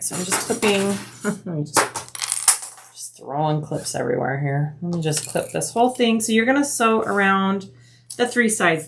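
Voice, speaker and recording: A woman's voice: medium pitch, background noise. A woman hosting a bag-making tutorial, chatting casually as she explains each step while she works.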